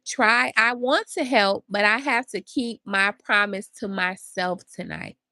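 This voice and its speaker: A woman hosts a motivational podcast and speaks earnestly and directly to her listeners. Her voice has a slightly gravelly texture. It sounds close and dry, with almost no room sound. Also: medium pitch, unhurried, sharp tone, dry recording. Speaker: podcast host. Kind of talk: motivational talk.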